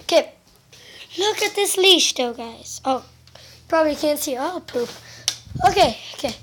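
A woman chatting excitedly in a casual home vlog, giggling and exclaiming as she shows off her things to a handheld camera. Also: sits high, normal speed, slight background noise. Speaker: vlogger. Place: at home indoors.

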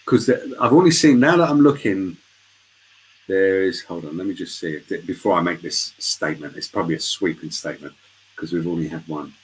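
A very deep-voiced man guests on a casual live interview over a video call. He is chatty and tells lively stories. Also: a little fast, low-quality recording.

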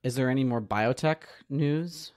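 A man's voice: medium pitch, darkish tone. Male co-host, Southern US accent, blunt and argumentative in easy chat. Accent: American Southern. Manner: blunt, quick to contradict. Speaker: podcast co-host. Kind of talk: casual chat.

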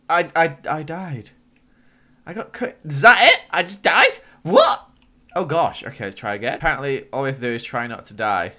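A young man giving excitable let's-play commentary, gasping and squealing when startled. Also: mid-range voice. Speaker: gaming YouTuber.

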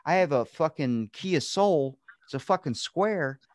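A man's voice: a little high, measured pace, no echo. Young guy on a podcast, casual chat, swears a lot, acts out stories, dry close sound. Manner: animated storyteller, swears freely, acts out quotes. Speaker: podcast host.

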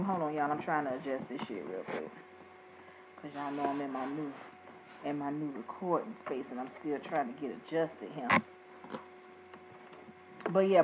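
Woman, reality TV recap, casual and profane, sassy, slightly low voice, faint background noise. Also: low-quality recording. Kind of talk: casual episode review. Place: her new home recording space.

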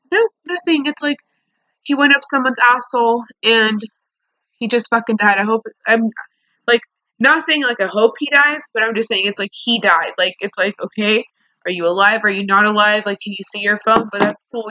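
A woman's voice: medium pitch, sharp tone, no room sound, highs cut off. A young woman venting angrily in a storytime vlog, swearing a lot as she talks to the camera. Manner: angry venting, heavy swearing. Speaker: vlogger.

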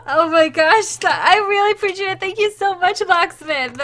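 High bright-voiced gushing woman streamer. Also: moderate pace, hardly any pauses. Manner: gushing and emotional, exclaiming often. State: tearful, close to crying. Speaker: streamer opening a gift on stream. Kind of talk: casual live-stream chat to viewers.

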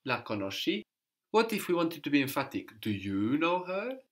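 A man's voice: on the high side, very animated, normal speed, a bit bright. A man teaching a language lesson, patiently prompting a student and repeating her answers.

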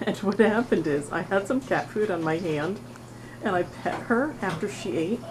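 A middle-aged woman volunteering at an animal shelter, chatting casually to the camera and cooing at a cat in a high sing-song voice, laughing often. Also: animated, moderate pace, background noise. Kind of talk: casual vlog talking to a cat.

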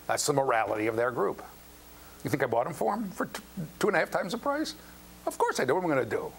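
A man's voice: on the high side, fast, breathy edge. An older man lecturing a university class, telling stories and acting out the quotes, often checking in with the students. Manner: animated storyteller, acts out quotes, asks the class questions. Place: lecture hall. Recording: faint background noise and hum.

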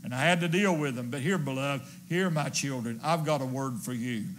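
A protective father speaks low and soft, gathering his children in close after danger has passed. A male preacher puts him on in the middle of a sermon. His voice drops well below the preacher's usual ringing pitch and goes quiet and gentle. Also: close to an everyday voice, low-quality recording. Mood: tender. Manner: hushed, tender, slow.

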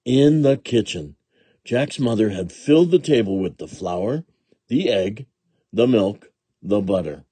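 A man reading a children's storybook aloud in a slow, gentle and expressive way, with a husky voice. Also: fairly low pitch, dry recording. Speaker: storybook reader.

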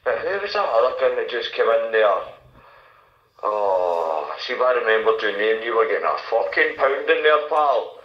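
A man's voice: mid-range voice, sing-song, moderate pace. Mid-range male voice, crude and mocking, roomy and muffled. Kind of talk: push-to-talk voice chat. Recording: echoey, dull voice app audio.

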